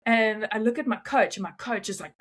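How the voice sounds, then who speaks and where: A young woman telling stories as an interview guest, animated and often laughing. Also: a little high, husky. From South Africa. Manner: animated, laughing, quick asides. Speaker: guest, freediver. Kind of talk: casual interview storytelling.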